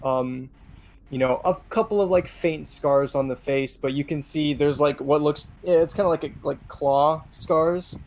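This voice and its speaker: A man acting as game master, narrating a tabletop game in a hesitant way with many pauses and fillers. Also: a little high, a little mellow. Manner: hesitant, lots of ums.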